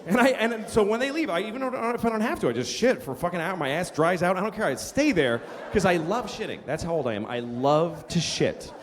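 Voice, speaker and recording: A middle-aged man doing a stand-up comedy set, ranting and profane, now and then shouting in put-on voices. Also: high-pitched, animated, fairly quick, few pauses, slight background noise. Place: comedy stage before a live audience. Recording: live hall with long reverb, faint crowd.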